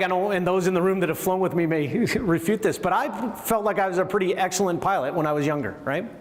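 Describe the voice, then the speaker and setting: A middle-aged man, a former Air Force group commander, giving a conversational leadership lecture and asking the audience questions. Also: sits high. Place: room with a seated audience. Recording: long hall reverb.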